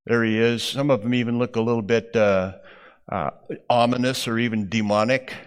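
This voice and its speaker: A man teaching a Bible class, explaining slides in an unhurried way with frequent fillers. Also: medium pitch, fairly even intonation, smooth.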